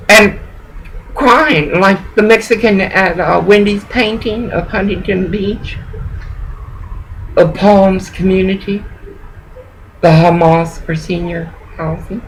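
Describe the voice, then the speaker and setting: A woman's voice: mid-range voice, slow pace, pauses often, slight background noise, poor audio. A woman talking to camera in a rambling, agitated, emotional monologue, swearing often and jumping from one thought to the next.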